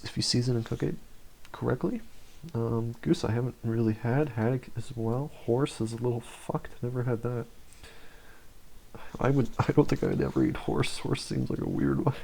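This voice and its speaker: Young man, podcast host, casual rambling chat, profane, gravelly voice. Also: medium pitch, darkish tone. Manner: rambling, profane, lots of restarts and fillers. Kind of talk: casual solo tier-list chat.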